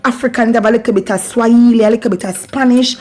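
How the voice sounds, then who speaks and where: Lively Jamaican woman teaching patois. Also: fairly high pitch, fast. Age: adult parent. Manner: laughing often, lively, slips between patois and English. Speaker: channel host teaching patois. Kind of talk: casual patois lesson and devotional talk.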